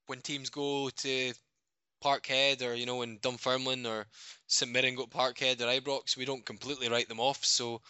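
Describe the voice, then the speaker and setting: A man's voice: mid-range voice, bright, forceful tone, no room sound. A man co-hosting a podcast, chatting loosely about football and hedging his points. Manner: rambling, hedging with maybes. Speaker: podcast co-host. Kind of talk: casual football chat. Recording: dull lo-fi podcast audio.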